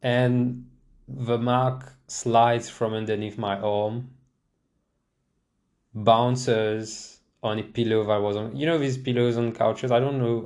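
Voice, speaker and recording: A man's voice: lowish voice, darkish tone. A young man hosting his own podcast, rambling casually and mocking himself as he talks from a chair at home. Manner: rambling, self-mocking, many restarts and laughs. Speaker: podcast host. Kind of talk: casual solo podcast chat. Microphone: desk microphone, seated in a chair.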